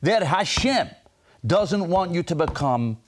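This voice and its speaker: A man's voice: fairly high pitch, sing-song, slow pace, pitched above the performer's own voice. A man doing a pleading old Jerusalem scholar. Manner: pleading, rising to a cry.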